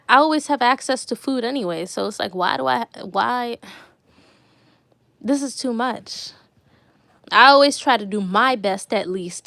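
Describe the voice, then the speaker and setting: A woman's voice: mid-range voice, fairly bright tone, dry recording. A young woman vlogger telling stories in a casual, chatty way, repeating words for emphasis. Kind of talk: casual chat to viewers.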